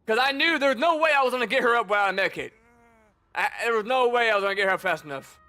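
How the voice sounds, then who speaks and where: A game streamer with a very high-pitched, bright and forceful voice talks in a rapid-fire, lively way. He chats casually through his gameplay, throwing teasing taunts at the players he runs into.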